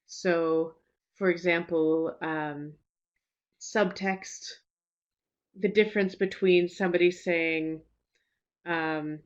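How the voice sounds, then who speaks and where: Woman, teacher trainer, webinar talk; lowish voice, relaxed and reassuring, many fillers; slightly muffled video-call sound. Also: slow, long pauses. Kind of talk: webinar presentation. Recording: slightly dull lo-fi webinar audio.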